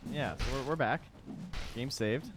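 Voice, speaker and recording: A man co-casting a live esports match, chatty and analytical, breaking into excitement at big plays. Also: mid-range voice, unhurried, faint music behind. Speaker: esports co-caster. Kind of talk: live game commentary.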